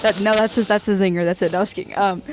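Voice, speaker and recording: A woman's voice: mid-range voice, steady tone, very fast. A young woman co-hosting a student podcast, telling a story and often breaking into giggles. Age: young adult. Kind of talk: casual chat.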